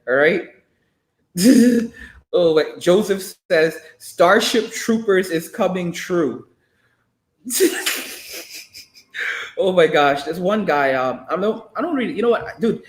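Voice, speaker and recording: A man hosting a casual livestream, reading chat messages aloud and teasing viewers in a joking, animated way. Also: a little high, reverberant.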